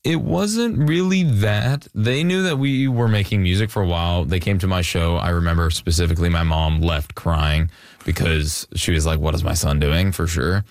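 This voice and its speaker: A Canadian musician in his twenties with a low voice talks at normal speed as a guest in a casual interview. He's relaxed and rambling, using plenty of fillers, and there's no echo.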